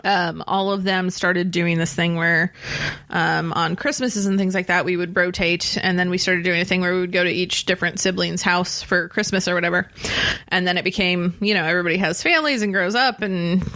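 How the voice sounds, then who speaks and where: A woman co-hosting a podcast in casual chat, telling a family story in a measured, thoughtful way. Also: on the low side, steady tone, sharp tone, dry recording. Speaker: podcast co-host.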